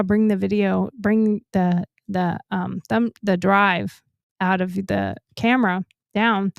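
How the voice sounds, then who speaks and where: A woman's voice: gravelly, dry recording. A middle-aged woman co-hosting a talk show from home, telling a story in casual chat and acting out the quotes. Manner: animated, acts out quotes with rising pitch.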